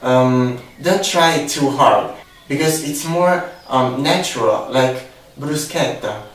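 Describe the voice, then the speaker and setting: A man's voice: mid-range voice, slow. A young man from Italy with an Italian accent, hesitantly explaining pronunciation in a casual vlog. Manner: hesitant, many fillers. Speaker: vlogger. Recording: echoey room, far from the mic.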